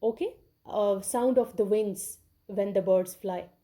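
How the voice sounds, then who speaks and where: Slow, mellow-voiced woman teaching literature. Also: mid-range voice. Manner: slow, repeats key words, checks understanding with "okay". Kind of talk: recorded classroom lecture.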